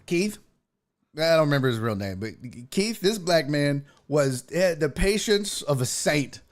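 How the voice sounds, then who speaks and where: Animated, swearing male storyteller. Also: fairly high pitch, unhurried. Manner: animated, profane, laughs often. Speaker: sports talk show host. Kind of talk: casual comic storytelling.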